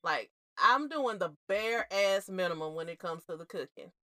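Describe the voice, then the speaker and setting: A woman co-hosting a casual chat show, telling family stories in an animated, blunt way and laughing often. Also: lowish voice, normal speed, dry recording, clean studio sound. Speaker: podcast co-host.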